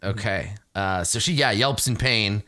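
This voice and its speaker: A young man narrating a tabletop game as game master, animated and laughing as he describes the action. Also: fairly low pitch, unhurried.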